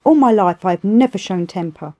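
A woman's voice: mid-range voice, animated, brisk, mellow, highs cut off, natural voice. A woman voicing an eager, cheeky male monkey who begs humbly to study. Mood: earnest.

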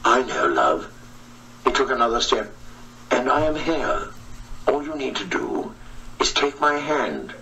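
A man doing a low, coaxing schemer lord. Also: big pitch swings, a little slow, long pauses, distant mic, a crowd in the background, low-quality recording. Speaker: audiobook narrator.

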